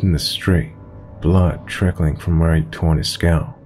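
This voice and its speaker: A man narrating a scary story in a steady storytelling manner. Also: measured pace, faint music behind. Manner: low, steady storytelling with quoted dialogue. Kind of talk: scripted horror story narration.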